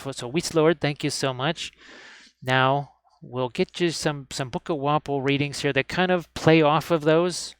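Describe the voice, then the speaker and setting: A man's voice: fairly high pitch, fairly even intonation, normal speed, smooth, no room sound. A man teaching miniature painting on a live stream, talking casually and cheerfully while he works and often urging viewers to look closely. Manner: chatty and upbeat, often repeating "look at this". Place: indoor hobby desk.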